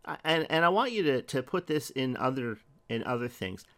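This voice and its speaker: A man's voice: medium pitch, sing-song, normal speed, a bit bright. A man preaching a sermon, earnest and emphatic, quoting scripture and asking rhetorical questions.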